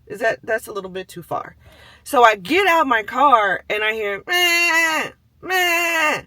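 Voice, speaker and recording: Telling a personal story in a chatty, casual way, a man peppers his speech with "like" and "you know" and acts out the voices of people and animals. His voice sits high with lively intonation and a sharp tone, at normal speed, with no room sound.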